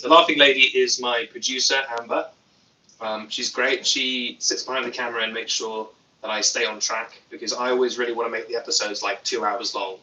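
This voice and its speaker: A man's voice: mid-range voice, bright, forceful tone, echoey room, far from the mic, rough recording. A young British man hosting a casual livestream, reading chat aloud with dry, self-mocking humor. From Britain. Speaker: YouTube host. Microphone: phone.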